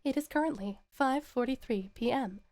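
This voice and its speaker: A woman voicing a calm, robotic female alarm clock that announces the time in flat, measured phrases. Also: sits high, close to an everyday voice. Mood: monotone.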